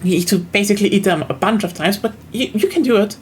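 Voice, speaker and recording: A woman's voice: medium pitch, quick pace, a little hiss or hum. A young woman from southern Germany with a German accent, chatting casually as a streamer while gaming, rambling with lots of fillers and restarts.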